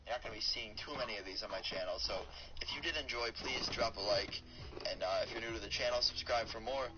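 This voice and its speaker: A man's voice: fairly low pitch, fast talker, music in the background. A young man telling a personal story with lots of fillers and restarts, as a YouTuber over gameplay commentary. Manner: rambling, with many fillers and restarts. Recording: dull lo-fi mic with clear background noise.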